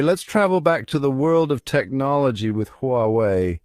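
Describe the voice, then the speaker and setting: A man giving scripted, upbeat narration as a pronunciation guide, coaxing the listener and slowing down to spell out each word. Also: medium pitch, a little mellow, no room sound, soft background music.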